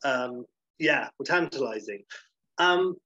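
Speaking slowly with lively intonation, this male podcast co-host rambles through casual chat, correcting himself enthusiastically. His mid-range voice sounds pushed and bright, and the recording is dry and lo-fi.

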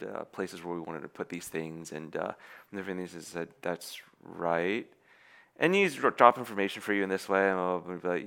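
A man with a deep, gravelly voice preaches, recounting a spy story and acting out what the characters say. His storytelling is animated, with many restarts.

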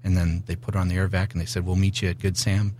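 A middle-aged man telling a personal testimony on a talk show, animated and acting out the voices in his story. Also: low voice, fast, slight background noise. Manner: animated storyteller, acts out dialogue. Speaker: guest. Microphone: studio mic.

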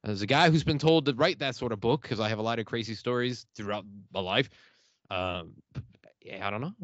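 A man's voice: mid-range voice, no echo. A man hosting a podcast in a casual, jokey chat, often breaking into laughter. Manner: animated, jokey, quick to laugh. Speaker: podcast host. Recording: dry, dull lo-fi audio.

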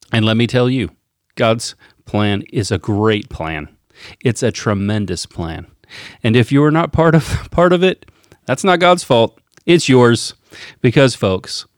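A man's voice: mid-range voice, no room sound, clean studio sound, lightly acted. A man doing a bragging politician preaching. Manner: bragging, repetitive, rally-style cadence. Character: boastful male politician preaching a sermon.

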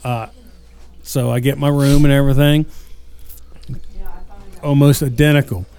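A man's voice: mid-range voice, fairly even intonation, unhurried, mellow, clean tone. A man co-hosting a radio talk show, telling a wry, teasing story. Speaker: radio co-host. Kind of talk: storytelling banter.

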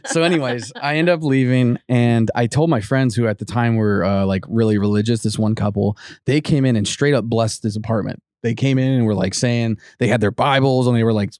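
A man at a middle pitch spins a ghost story for his co-hosts in loose, casual chat. He rambles, stacks up fillers and false starts, and slips into quoting himself and others. The sound is close and dry, with no room in it. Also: fairly quick, few pauses, a little mellow, no echo. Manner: rambling, full of "like" and restarts, acts out quotes. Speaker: podcast co-host telling a ghost story.

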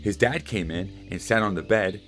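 A man reading a rhyming children's picture book aloud in a gentle way. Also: on the low side, moderate pace, faint music behind. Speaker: storyteller.

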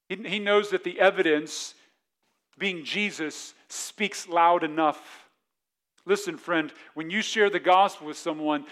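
Male pastor, slightly high voice, chatty sermon delivery with frequent restarts. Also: a bit bright. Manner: conversational preaching, repeats words when restarting.

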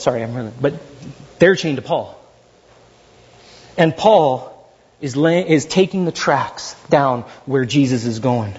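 A man preaching a sermon as pastor, animated and jokey, acting out little asides to the congregation. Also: sits high, muffled recording.

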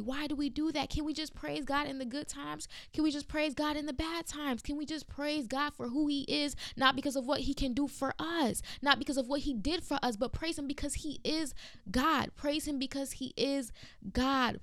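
A woman preaching an impassioned sermon, repeating phrases and slowing down for emphasis. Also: high voice, a bit bright, no room sound.

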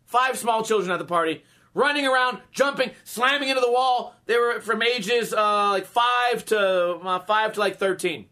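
A man's voice: high-pitched, normal speed, pushed and bright. A man in his thirties telling a comic story in a profane, exasperated rant.

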